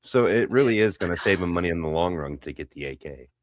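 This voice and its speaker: A man putting on a deep, deadpan voice to play a smug man arguing back at him. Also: fast talker, dry recording, studio quality.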